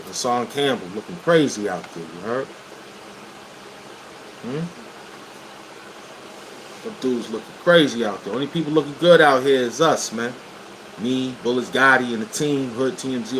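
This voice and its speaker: This Brooklyn livestream host, mid-range in pitch, speaks at normal speed with long pauses as he tells casual stories in blunt street slang and a New York accent. The low-quality recording carries air conditioning hum behind his voice.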